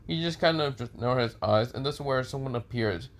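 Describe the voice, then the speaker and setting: A man's voice: medium pitch, fairly quick. A man improvising a fan story aloud, rambling with many fillers and restarts.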